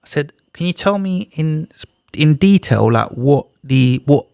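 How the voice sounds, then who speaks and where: A man's voice: fairly high pitch, a little slow, creaky, dry recording, studio quality. A man, a podcast guest telling a personal story in a casual, slang-heavy way and acting out the other people's lines. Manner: animated, slangy retelling with acted-out dialogue. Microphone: studio podcast mic.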